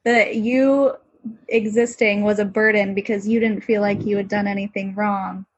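A woman with a soft, breathy voice speaks calmly and with insight. The sound is dry and a little dull, with no room echo. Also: mid-range voice, moderate pace. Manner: calm, gently insightful. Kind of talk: casual podcast conversation.

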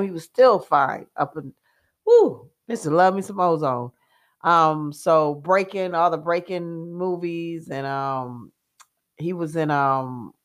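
A woman, co-hosting a casual chat and telling stories in an animated way, with fillers and laughs. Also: on the low side. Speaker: co-host.

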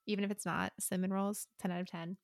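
A woman's voice: medium pitch, level tone, fast talker, gravelly, dry recording, clean studio sound. A woman co-hosting a casual book chat podcast, talking loosely with lots of fillers and acting out characters' lines. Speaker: podcast co-host.

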